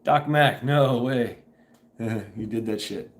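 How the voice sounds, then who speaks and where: A man's voice: on the low side, expressive, measured pace, a little hiss or hum. A man hosting a casual livestream from home, rambling, laughing often and swearing freely. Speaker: livestream host. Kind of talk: casual chat. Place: at home, indoors. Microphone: camera propped on a table.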